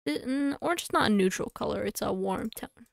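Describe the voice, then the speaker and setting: A woman streamer chatting casually to herself and her audience while playing a game, thinking aloud with quick asides. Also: fairly high pitch, animated, gravelly, dry recording.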